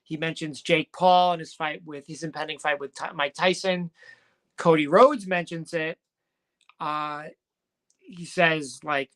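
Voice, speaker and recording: A man's voice: a little high, steady tone, a little slow, fairly bright tone. A man co-hosting a casual wrestling recap, rambling and joking and correcting himself as he goes. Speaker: podcast co-host.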